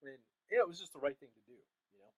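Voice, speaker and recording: A man's voice: fairly high pitch, animated, a little mellow, breathy edge, dry recording, low-quality recording. A man telling stories as a guest in a casual interview, candid and often laughing, on a video call. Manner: rapid, laughing, candid storytelling. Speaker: guest, chatbot course creator.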